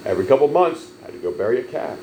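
A man preaching a sermon, telling stories emphatically and swelling loud on key lines. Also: medium pitch, very animated, rapid-fire, a little hiss or hum, poor audio. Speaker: pastor.

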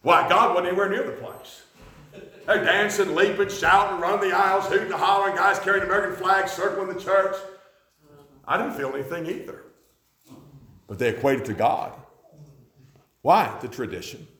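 A man preaching a sermon, impassioned, swinging from loud declarations to hushed lines. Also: high-pitched, moderate pace, pauses often. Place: church sanctuary. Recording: echoey church hall.

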